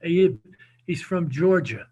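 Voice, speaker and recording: Husky high-voiced older New man. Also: slow, lo-fi sound. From New Jersey. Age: 70s. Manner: animated, repeats words, lively storyteller. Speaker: guest, former football coach. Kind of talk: casual storytelling interview.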